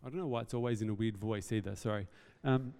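A man's voice: lowish voice, fast, warm tone. A man preaching a sermon as pastor, earnest and conversational, with self-deprecating asides. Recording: reverberant hall.

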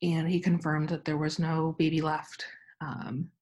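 Young woman guest, husky voice, loose candid storytelling with lots of fillers. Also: deep voice, little pitch movement, unhurried, a little mellow. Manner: candid, rambling, with frequent fillers. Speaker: podcast guest. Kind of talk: personal storytelling.

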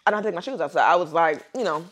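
Talking very fast in a lowish voice, a young woman on her podcast spins out a long, animated story in casual chat. As co-host she swears freely and acts out people's quotes.

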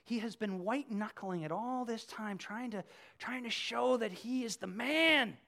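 A pastor preaching a sermon, telling the story with animated swings from hushed to loud. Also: medium pitch, a little slow, creaky.

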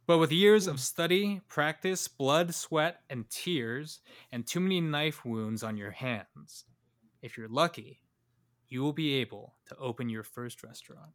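A man's voice: fairly high pitch, unhurried. A young man co-hosting a podcast, telling a story in a loose, joking way with many fillers. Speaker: podcast co-host. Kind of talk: casual storytelling chat.

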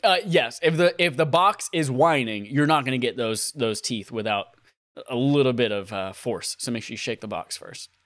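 A man co-hosting a comedy podcast, doing silly mock ad reads and breaking into high-pitched laughter. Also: moderate pace, a bit bright, dry recording, studio quality. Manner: goofy, bursts into laughter and high squeals. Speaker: podcast co-host.

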